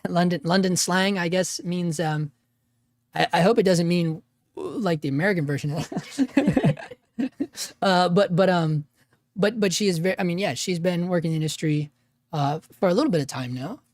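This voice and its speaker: Gravelly-voiced man chatting on a livestream. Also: high-pitched, normal speed, no echo, clean studio sound. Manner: rambling, restarts, drops "man" and "dude". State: gravelly voice after an illness. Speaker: livestream host and freelance videographer. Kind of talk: casual livestream chat.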